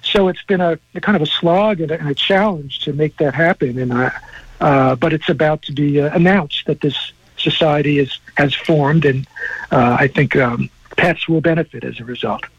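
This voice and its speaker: Husky man, hesitant, on a dull line. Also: on the high side, moderate pace, no room sound. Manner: hesitant, many fillers and restarts. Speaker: guest, cannabis news editor. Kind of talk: remote interview.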